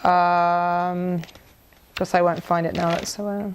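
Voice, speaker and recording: A woman's voice: on the low side, little pitch movement, slow, slight background noise. A middle-aged woman giving a conversational, earnest faith testimony to a church group, with frequent restarts. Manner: conversational, earnest, with many restarts and reading aloud a prayer. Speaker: speaker sharing a mission testimony.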